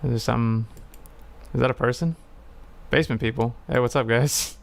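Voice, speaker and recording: Casual male game streamer; gravelly but smooth voice, rambling, hesitant delivery. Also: medium pitch, steady tone, moderate pace.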